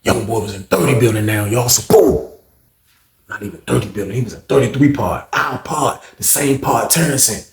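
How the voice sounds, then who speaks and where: A man casually telling a story, animated and repetitive as he acts out each scene. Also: mid-range voice, normal speed, gravelly, roomy sound.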